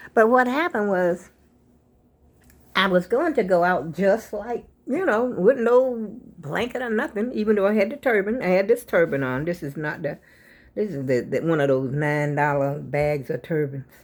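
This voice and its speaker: Chatty older woman, drawl. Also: fairly low pitch. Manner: rambling, chatty, addresses viewers as y'all. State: out of breath. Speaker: vlogger. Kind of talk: casual home vlog chat. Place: at home.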